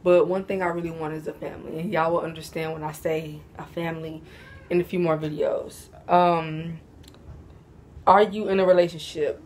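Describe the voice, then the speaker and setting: Young woman vlogger, sleepy and laid-back, lowish voice, slangy casual Q&A with a faint hiss behind. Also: little pitch movement, normal speed, darkish tone. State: sleepy, yawning. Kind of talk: casual Q&A chat to camera.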